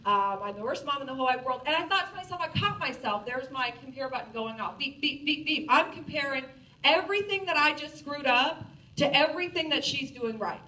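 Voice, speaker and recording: A woman in her forties telling a self-mocking story to an audience in a lively, animated way. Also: sits high, a little fast, slight background noise. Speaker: speaker. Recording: roomy, distant from the mic.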